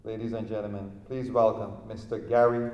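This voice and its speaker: A man giving a formal, measured introduction of a guest speaker at a public event. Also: on the low side, flat delivery, dull audio. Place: large lecture hall. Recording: echoey hall with long reverb.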